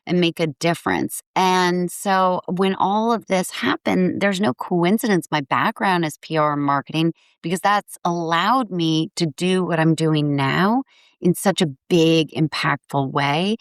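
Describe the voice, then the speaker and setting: A woman's voice: on the low side, measured pace, clean tone, no room sound, studio quality. A woman in her forties, a guest on a podcast interview, talking in an upbeat, earnest way. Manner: upbeat, earnest, acts out quotes brightly. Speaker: guest, foundation founder.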